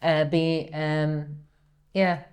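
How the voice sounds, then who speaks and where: A woman co-hosting a podcast, chatting casually and reacting quickly. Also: sits low, flat delivery, darkish tone. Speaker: podcast co-host. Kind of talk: casual chat.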